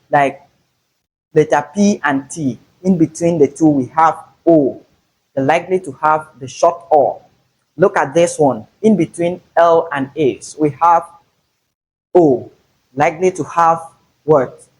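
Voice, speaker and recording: A man teaching English pronunciation, slowly and deliberately stressing each example word. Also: a little high, a little mellow, slightly rough, rough recording. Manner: slow, deliberate, repeats example words with stress. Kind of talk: phonetics lesson.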